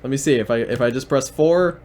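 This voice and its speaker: Talking a little fast at medium pitch, this man hosts a stream and ridicules the clips he shows. He stays deadpan and sarcastic, saying the same things over and over.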